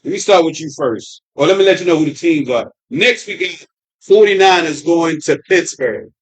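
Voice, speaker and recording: A man's voice: fairly high pitch, normal speed, distant mic. A man hosting a casual sports chat in a restaurant bar, laid-back and teasing as he goes through picks. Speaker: host.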